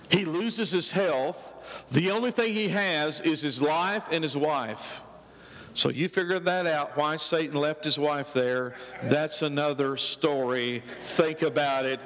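A man's voice: fairly high pitch, slow pace, a bit bright, big-room sound. A man pastor preaching a sermon in a conversational way, with rhetorical questions and dry asides.

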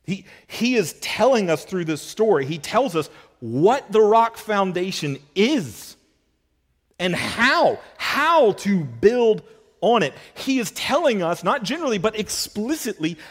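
Emphatic preacher with lively pitch. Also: male voice, measured pace. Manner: emphatic, repetitive, rhetorical questions, swings between loud and hushed. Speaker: pastor. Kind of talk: expository sermon. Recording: long reverb of a large hall.

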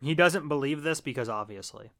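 Bright-voiced, profane man recapping a film. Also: on the high side, fairly quick. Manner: profane, animated storytelling. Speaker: podcast co-host. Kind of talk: casual conversation recapping a film.

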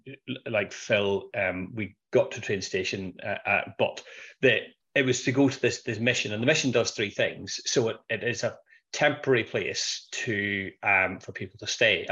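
A man, a financial planner on a podcast, telling an animated anecdote in casual conversation. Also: on the low side, muffled recording. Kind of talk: conversational storytelling.

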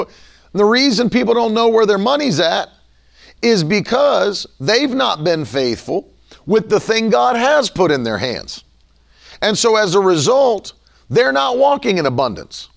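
A man preaching a sermon in an animated style, sometimes acting out the voices of people he quotes. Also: high voice, a little slow, vocal fry.

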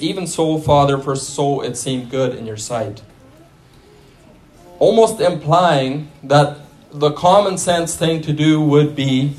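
Male preacher, slightly high voice, chatty sermon delivery with restarts. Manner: conversational, restarts and asides to the congregation.

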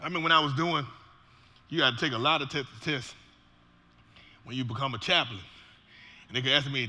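A man preaching a sermon, shouting with passion and breaking into joking asides. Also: medium pitch, fairly quick, pauses often. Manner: shouting, impassioned Black church preaching cadence.

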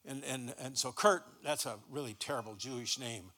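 A man's voice: medium pitch, normal speed, noisy background. A middle-aged man preaching a sermon in a church, folksy and stumbling over repeated words as he starts his sentences. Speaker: guest pastor.

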